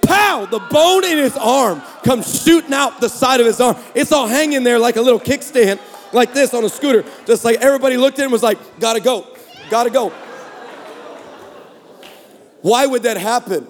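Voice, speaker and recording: A man in his forties giving a sermon as a guest preacher, telling funny stories in an animated, sarcastic way. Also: extremely high pitch, fairly quick, slight background noise. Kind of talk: comedic storytelling sermon. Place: large church hall. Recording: long hall reverb.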